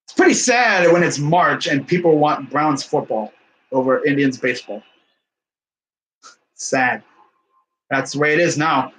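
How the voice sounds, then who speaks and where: A young man hosting a live baseball reaction stream, calling pitches casually with wry, laid-back asides. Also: measured pace, long pauses, fairly bright tone, a little hiss or hum, low-quality recording.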